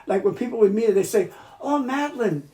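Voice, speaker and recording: This older accordion player from New York City races through chatty, profane family stories in a casual interview at his Queens home. His voice sits high and mellow with fairly even intonation, and the room adds echo.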